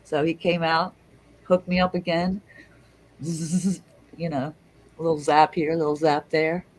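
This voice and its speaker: A middle-aged woman telling a story in casual chat, lively and swearing, acting out the people she quotes. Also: low-pitched, unhurried, low-quality recording. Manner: animated, swearing, acts out quotes. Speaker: guest storyteller.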